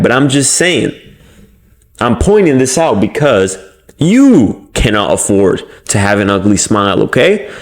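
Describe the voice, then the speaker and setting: A young man giving blunt, casual motivational advice as a self-improvement host, swearing freely and coaching his viewers. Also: on the low side. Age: young adult.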